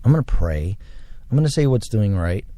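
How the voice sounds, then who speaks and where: A man talks alone into the mic for his own show, wandering from thought to thought. His voice sits low and dark, yet his pitch rises and falls with lively swings. He sounds reflective and a little preachy. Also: fairly quick, dry recording. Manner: rambling, reflective, religious. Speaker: podcast host. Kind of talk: solo casual monologue.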